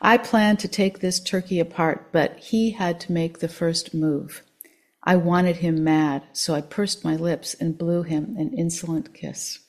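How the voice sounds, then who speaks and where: A woman reading a first-person story aloud in an expressive, measured way. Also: fairly low pitch.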